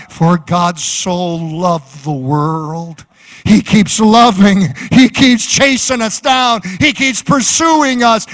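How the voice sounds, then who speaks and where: A man's voice: sits high, a bit bright. A man preaching a sermon as pastor, fervent and rhythmic, with repeated phrases.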